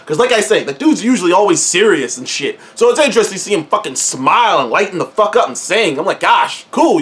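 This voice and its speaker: A man's voice: fairly high pitch, a bit bright. A young man hosting his own show, giving a casual movie review full of swearing, slang, laughs and repeated words.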